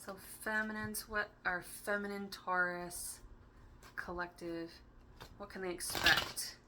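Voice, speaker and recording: A woman's voice: mid-range voice, steady tone, slow pace, very noisy. A woman doing a casual tarot reading for her channel, chatty and playful, laughing often as she rambles from one idea to the next. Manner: rambling, free-associating. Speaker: tarot reader.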